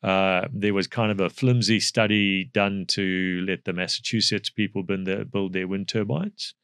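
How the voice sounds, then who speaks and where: Gravelly South African man explaining. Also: sits low, fairly even intonation, a bit bright, dry recording, studio quality. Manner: measured, explanatory, with frequent fillers. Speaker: guest, energy expert. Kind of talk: podcast interview.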